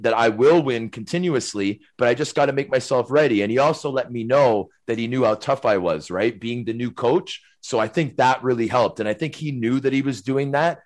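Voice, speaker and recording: A middle-aged man, a former hockey player, telling stories casually as a podcast guest, rambling and animated, tagging his sentences with questions. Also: mid-range voice, fairly quick, few pauses. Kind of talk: casual storytelling.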